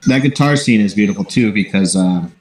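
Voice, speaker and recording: A man's voice: lowish voice, expressive, brisk, crowd noise. Man, podcast guest, earnest and thoughtful, casual chat, echoey room sound. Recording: roomy echo.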